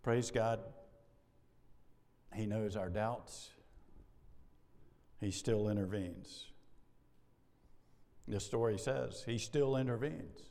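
Middle-aged guy preaching, lively, acts out little scenes, voice rings out in a big reverby church. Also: medium pitch. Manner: animated preacher, acts out dialogue, laughs often. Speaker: pastor. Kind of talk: sermon. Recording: long hall reverb.

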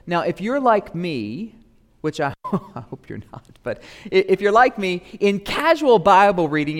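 Pastor in his thirties, slightly high voice, preaching in a reverberant church, easy and joking one moment, forceful the next. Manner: conversational, building to loud emphatic proclamation. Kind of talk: sermon. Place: church sanctuary. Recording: long reverb of a church hall.

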